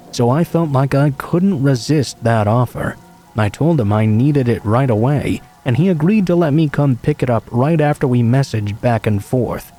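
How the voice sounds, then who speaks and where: A man calmly reading true horror stories aloud as a scripted narration. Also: medium pitch.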